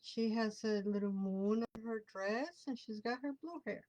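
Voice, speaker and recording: A woman's voice: fairly high pitch, moderate pace, a little mellow, muffled recording. A woman whose first language is Spanish, hosting a live tarot show in casual chat, greeting viewers by name and dropping Spanish words into her English.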